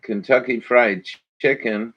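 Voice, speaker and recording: A man hosts a morning show and reacts to videos as he talks, crude and folksy, swearing freely. His pace is slow and drawn out. The sound is dull and lo-fi. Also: mid-range voice, fairly even intonation. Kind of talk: casual commentary over videos.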